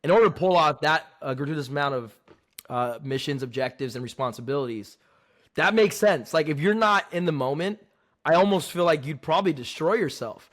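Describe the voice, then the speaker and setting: A man's voice: on the high side, expressive, a little fast. A man talking as a podcast guest in a casual, joking and upbeat chat.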